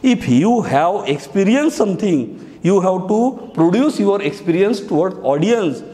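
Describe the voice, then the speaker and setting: A man's voice: sits high, animated, measured pace, warm tone. A male teacher giving a lesson on speech writing, explaining each step and repeating key phrases. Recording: echoey hall.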